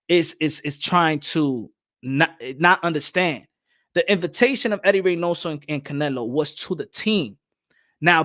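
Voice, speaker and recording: A man co-hosting a boxing podcast, talking in an animated, emphatic way and repeating himself. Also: fairly high pitch. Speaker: podcast co-host. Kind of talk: casual boxing podcast chat.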